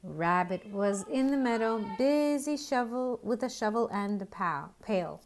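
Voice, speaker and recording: Slow, gentle woman reading aloud to children. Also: medium pitch. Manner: gentle, pointing out pictures to children. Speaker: early years educator. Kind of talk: children's picture book read-aloud.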